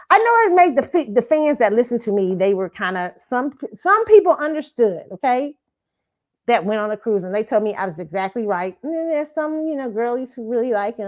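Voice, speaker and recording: Blunt, profane woman hosting a chat stream. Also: on the high side. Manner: blunt and profane, laughs often, keeps asking "okay?". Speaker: show host. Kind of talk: casual pop-culture commentary stream. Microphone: streaming setup mic.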